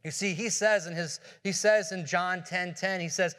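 A man's voice: sits high, fairly even intonation, normal speed, a bit bright. A man preaching a sermon as pastor, earnest, asking rhetorical questions and often restarting his phrases. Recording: long hall reverb.

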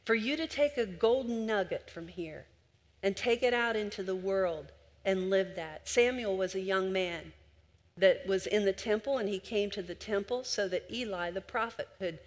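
A woman's voice: medium pitch, normal speed. Older woman preaching in a reverberant hall. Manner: warm conversational storytelling, addressing the congregation directly. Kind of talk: sermon.

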